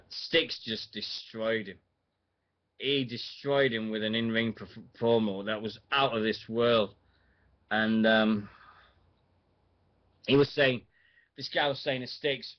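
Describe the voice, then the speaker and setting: A man's voice: lowish voice, highs cut off. A man in his forties, hosting a radio show and chatting in a rambling way, full of fillers and restarts. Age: 40s. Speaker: radio host. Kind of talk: casual rambling radio chat.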